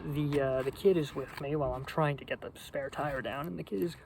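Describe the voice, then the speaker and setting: A young man telling a rambling, funny story in a casual, deadpan, profane way. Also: on the high side, brisk, creaky, slight background noise, rough recording. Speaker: vlogger.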